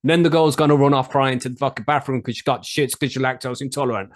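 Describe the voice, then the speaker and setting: A man's voice: medium pitch, steady tone, fast talker. An English man co-hosting a podcast, chatting casually and joking, swearing often and rambling with restarts. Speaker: podcast co-host. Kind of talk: casual comedic chat.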